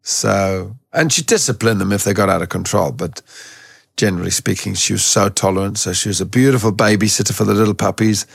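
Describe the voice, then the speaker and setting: A man who trains dogs, telling stories in a relaxed, rambling way as a guest in an interview, with a gravelly, husky voice. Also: on the low side, fairly quick, dry recording, studio quality. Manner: relaxed, rambling, with many restarts. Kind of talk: casual storytelling in a podcast interview.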